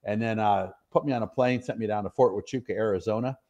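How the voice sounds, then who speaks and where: Low-voiced middle-aged man telling stories. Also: fast talker, a little mellow, muffled recording. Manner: rambling, chatty, self-deprecating, many fillers. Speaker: interview guest, retired soldier. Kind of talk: casual storytelling interview.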